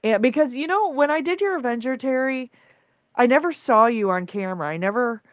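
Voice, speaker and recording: A woman's voice: a little high, lively intonation, fairly quick, dry recording. A woman hosting a casual livestream, effusively thanking viewers by name as she reads the chat. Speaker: livestream host.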